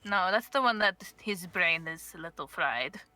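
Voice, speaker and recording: A woman's voice: lowish voice, animated, moderate pace, bright, forceful tone, dry recording. A woman playing in a tabletop game session, giving short, easygoing replies. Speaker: player.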